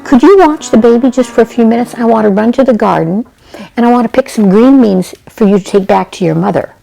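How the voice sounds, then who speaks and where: Storybook neighbor woman, gushing and welcoming, voice pitched very high with a gravelly edge, put on by a woman. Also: fast, warm tone, soft background music, rough recording. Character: warm adult woman, a friendly farm neighbor.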